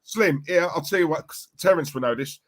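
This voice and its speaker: A man's voice: fairly high pitch, fairly quick, fairly bright tone. A man co-hosting a live football watchalong, chatting in slangy banter with the viewers and his co-host. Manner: chatty, banter-heavy, slangy, laughs a lot. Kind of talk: casual live-stream chat.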